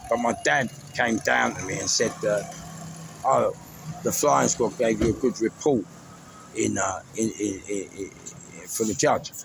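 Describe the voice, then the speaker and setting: A man's voice: on the low side, a little slow, creaky. A man with a London accent, chatting casually and rambling through stories, laughing at his own jokes. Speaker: storyteller recounting his life. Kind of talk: casual storytelling. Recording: noisy background with traffic.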